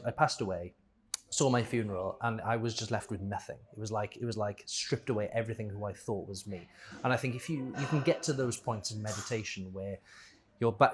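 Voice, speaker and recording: A man's voice: lowish voice, fairly quick. A man speaking as a podcast guest in a casual conversation, rambling and thinking aloud, often restarting and correcting himself.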